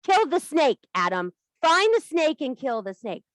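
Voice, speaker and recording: A woman's voice: high-pitched, big pitch swings, a little slow, no echo, voice pushed up. A woman voicing an exasperated male God who swears with indignant outbursts.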